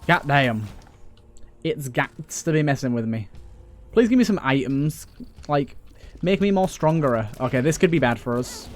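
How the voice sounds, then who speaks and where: A man's voice: medium pitch, animated, a little slow, long pauses. A young man giving casual, joking commentary while he plays a video game, grumbling and swearing at it. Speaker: let's play gamer.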